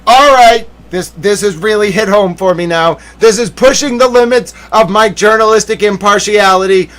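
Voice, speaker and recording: Homem agudo em desabafo indignado teatral. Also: male voice, high voice, moderate pace. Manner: theatrical mock outrage, swinging between loud and muttered. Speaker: livestream commentator. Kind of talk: mock-outraged livestream rant.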